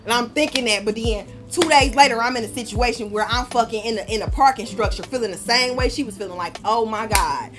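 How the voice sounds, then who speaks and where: Profane, animated young woman storyteller. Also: a little high, fast talker, hardly any pauses. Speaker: podcast host. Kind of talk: casual monologue. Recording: music playing behind.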